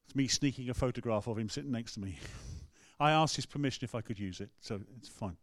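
A man's voice: mid-range voice, quick pace, no room sound, clean studio sound. A man with an English accent, a rector preaching a sermon in a conversational, storytelling way. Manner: storytelling, conversational, acts out quotes. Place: church.

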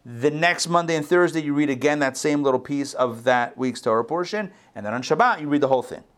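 Man, slightly high voice, relaxed teacher on a video call, chatty and self-correcting. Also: fairly quick. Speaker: Torah teacher. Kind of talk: conversational online Bible class.

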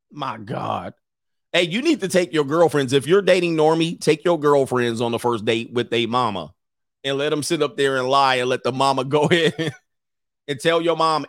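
Laughing streamer, dry close mic. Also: male voice, medium pitch, vocal fry, no echo. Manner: loud, laughing, mocking impressions. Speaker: streamer reacting to videos. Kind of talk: casual reaction commentary.

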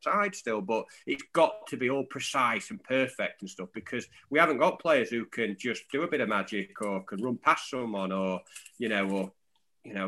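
Man, podcast co-host, bright tone, rambling analysis. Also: mid-range voice. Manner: rambling, lively match analysis. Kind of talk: casual chat.

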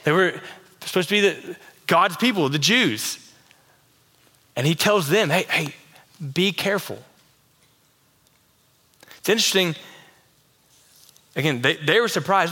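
A male pastor preaching a sermon, swinging between impassioned, emphatic peaks and a soft, close, confiding tone. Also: high voice, expressive, normal speed, pauses often. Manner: drops to soft, intimate tone for Jesus' warnings.

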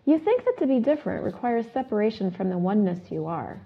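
A woman hosting a self-help talk show, asking her listeners questions and reciting a repeated clearing statement. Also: mid-range voice, big pitch swings, fast talker. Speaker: host. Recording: phone-like narrow sound.

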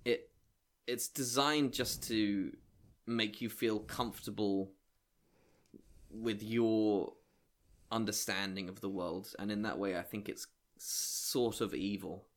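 A man's voice: fairly low pitch, steady tone, slow pace. A man co-hosting a comedy review podcast, talking in a dry, meandering, dismissive way. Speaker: podcast co-host. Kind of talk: casual review chat.

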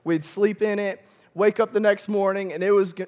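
A young male campus pastor from Michigan, preaching a sermon with animated storytelling, often chuckling and calling out to the congregation. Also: high-pitched, moderate pace. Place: church auditorium.

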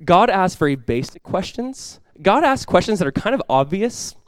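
A man preaching a sermon as pastor, in a lively, conversational way with quick acted-out asides. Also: high voice, dry recording.

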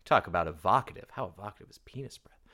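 A man co-hosting a casual movie podcast, joking and riffing in an animated way. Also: deep voice, quick pace. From United States. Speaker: podcast co-host.

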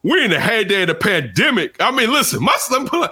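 A man in his early forties telling a story in casual chat, animated and jumping into loud retold exchanges. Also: sits high, brisk, husky. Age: early 40s.

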